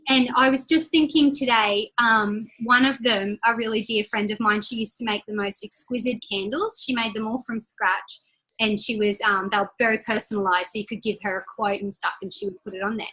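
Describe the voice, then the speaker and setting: Upbeat woman leading a team call; high, bright voice; chatty motivator who repeats key lines slowly. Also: fairly even intonation, low-quality recording. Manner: chatty and personal, laughs between points. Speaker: team leader giving a training call. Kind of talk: motivational talk on a group call.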